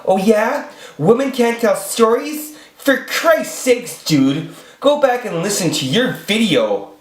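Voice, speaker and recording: A man putting on a high mocking woman's voice to mimic a scornful female critic. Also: animated, takes it slowly. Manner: mocking, exaggerated falsetto. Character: sneering scolding adult woman critic. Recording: echoey room.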